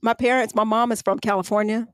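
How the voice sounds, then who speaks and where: A woman from Atlanta with a light Southern US accent, chatting as a guest DJ and telling stories in a lively, laughing way. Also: a little high, fast, smooth, dry recording. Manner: animated storyteller, laughs often. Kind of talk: casual chat.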